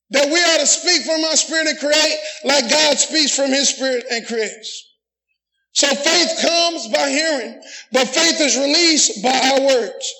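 A middle-aged man preaching a sermon, often shouting and calling for amens from the congregation. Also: very high voice, unhurried, low-quality recording. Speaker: pastor.

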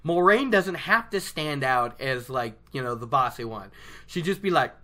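Lively, rambling book chatter. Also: mid-range voice, normal speed. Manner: rambling, tangents and animated quoted voices. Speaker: book reviewer. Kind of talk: casual book discussion.

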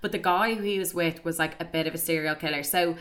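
A woman's voice: lowish voice, steady tone, quick pace, a bit bright. A young Irish woman casually telling a story, chatty, peppering her talk with "like" and swearing freely.

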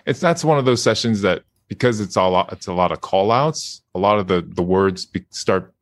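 A man's voice: sits low, moderate pace, no echo. A man guest voice actor in a casual interview chat, laughing often and speaking hesitantly with many fillers.

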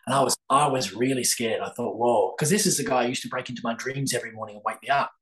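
A man's voice: mid-range voice, rapid-fire, fairly bright tone, low-quality recording. An older man, a guest telling a long story with many fillers and restarts in a podcast interview. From Australia. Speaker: guest, psychic author.

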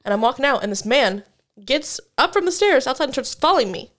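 Young woman, twenties, podcast co-host, casual chat, highish pitch, laughing storyteller. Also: quick pace. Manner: animated storyteller, laughs often.

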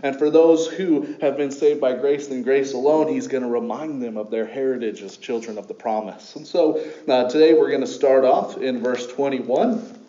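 A man's voice: medium pitch, moderate pace, mellow, muffled recording. Man preaching in an echoey church. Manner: conversational, with many fillers and restarts. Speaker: pastor. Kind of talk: sermon. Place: church sanctuary.

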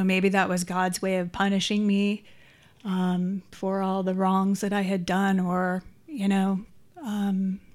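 A middle-aged woman giving a candid, reflective personal share at a support group meeting, with frequent ums. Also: mid-range voice. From San Francisco Bay Area. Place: meeting room.

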